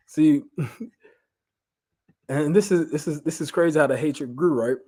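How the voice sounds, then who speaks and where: A man, leading an informal Bible study, animated and repeating phrases for emphasis. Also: a little high, slow pace, pauses often. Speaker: Bible teacher.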